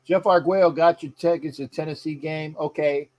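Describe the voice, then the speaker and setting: A man's voice: fairly high pitch, steady tone, normal speed, darkish tone. A man hosting a casual live sports show, rambling and chatty as he reads out viewer comments. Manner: frequent fillers and restarts. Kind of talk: casual live-stream chat.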